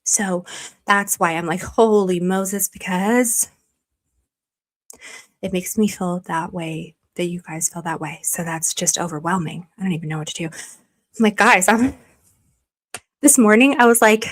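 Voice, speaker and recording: A woman's voice: fairly low pitch, measured pace, pauses often. A woman hosting a livestream, chatting casually to her viewers, gushing and emotional, rambling with many restarts. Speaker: livestream host.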